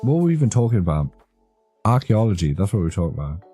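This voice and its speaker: A young man with a low, dark voice chats loosely with his stream viewers, wandering from one topic to the next and laughing at his own jokes. He talks from a home streaming setup, with soft music playing underneath. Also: sing-song, very fast. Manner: rambling, joking, easily amused. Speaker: streamer chatting with live chat. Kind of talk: casual live-stream chat. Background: faint background music.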